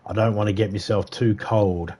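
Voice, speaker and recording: Guy streaming a game, mellow voice, rambles on and swears a lot. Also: on the low side, fairly even intonation, moderate pace. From United States. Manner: rambling, profane, chatty monologue. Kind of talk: casual live-stream commentary.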